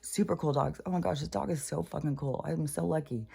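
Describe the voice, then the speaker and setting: A woman's voice: deep voice, steady tone, a little fast, creaky, mellow, slightly rough. An older woman talking in a rambling, profane, casual monologue as a spiritual channeler.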